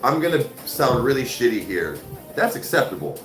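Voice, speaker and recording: Male stream host, casual and swearing, animated voice in a roomy space with music behind. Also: medium pitch, normal speed. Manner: loose and profane, heavy on "like", "dude" and "bro". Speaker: livestream host. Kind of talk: casual chat reading viewer comments.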